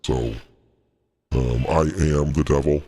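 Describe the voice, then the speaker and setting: A man using a voice changer to play a menacing devil with a deep, husky voice. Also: fairly even intonation, takes it slowly, dark tone, heavily acted. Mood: mock-sinister. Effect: voice changer pitched down.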